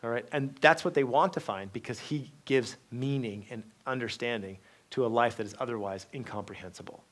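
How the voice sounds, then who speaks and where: Guy giving a campus talk, keeps saying okay? right?, rambly storyteller. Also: mid-range voice. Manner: lively storytelling with many asides and restarts; asks "okay?" and "right?" to check in with the audience. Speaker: guest speaker. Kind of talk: university lecture.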